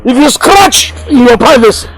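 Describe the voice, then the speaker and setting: A man's voice: very high voice, animated, moderate pace, vocal fry, heavily acted. An actor playing an exasperated father complaining about his lazy son, with a Nigerian accent. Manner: complaining, mocking.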